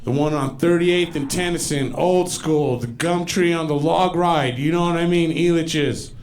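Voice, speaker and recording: Gravelly-voiced man doing profane stand-up. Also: on the high side, unhurried. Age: 40s. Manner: loose, profane storytelling with exaggerated voices and shouts. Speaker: stand-up comedian. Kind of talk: stand-up comedy set. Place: underground comedy club stage.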